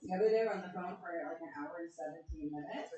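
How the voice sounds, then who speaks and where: A woman performing a deadpan, self-deprecating stand-up set on a comedy club stage, asking the crowd questions between jokes. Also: fairly low pitch, quick pace. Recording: echoey club room from far off, crowd laughter. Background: audience laughing.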